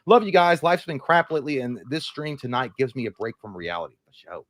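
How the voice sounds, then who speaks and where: A man's voice: medium pitch, sing-song, fairly quick, fairly bright tone, no echo. A man co-hosting a live movie stream, joking crudely and reading out viewer comments. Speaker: co-host. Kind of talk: casual live-stream chat.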